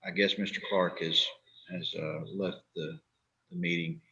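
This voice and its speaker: A man with a low voice moderates a meeting in a courteous, formal way. The call audio is dull and lo-fi, which muffles him slightly. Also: fairly even intonation, a little slow, pushed and bright. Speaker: meeting chair.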